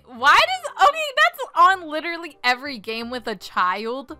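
A young woman with a high, bright and smooth voice gives casual game commentary. She is playful and laughs often as she reads other players' text aloud. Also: very animated, moderate pace, few pauses, soft background music. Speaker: gaming video host.

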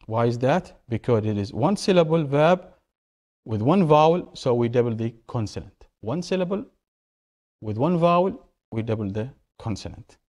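A man with a mellow, warm voice teaches a grammar lesson at a mid pitch. He works through each example by posing a question, answering it himself and repeating the key words. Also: animated, normal speed. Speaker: English teacher.

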